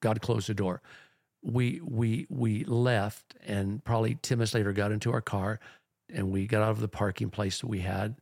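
A man's voice: fairly low pitch, fairly even intonation, moderate pace, vocal fry, a little mellow, no echo, clean studio sound. A man who is a pastor, telling a long story in a rambling, earnest podcast chat.

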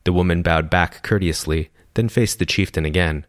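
A man narrating a fantasy story in an even, descriptive way. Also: sits low, moderate pace, hardly any pauses, no echo, studio quality.

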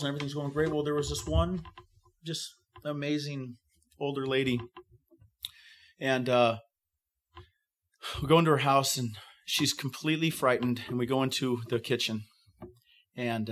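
In a mid-range, slightly bright voice, a middle-aged man who is a fire captain describes an evacuation. His account is full of fillers and restarts, and now and then he performs other people's voices.

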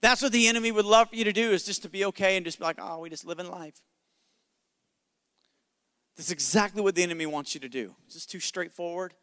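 A man's voice: high-pitched, rapid-fire, hardly any pauses, sharp tone, clean tone, long reverb tail. A male pastor preaching a sermon in an emphatic, conversational way with jokes.

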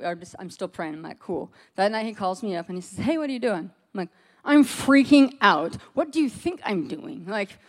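A middle-aged woman telling a personal story to a group, acting out what others said and laughing often. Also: mid-range voice. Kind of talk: animated personal testimony.

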